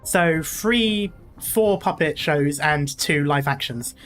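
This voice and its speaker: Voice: medium pitch, slow pace, a bit bright, faint music behind. A gaming streamer, rambling casually and laughing often while playing through a game. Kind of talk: casual playthrough commentary.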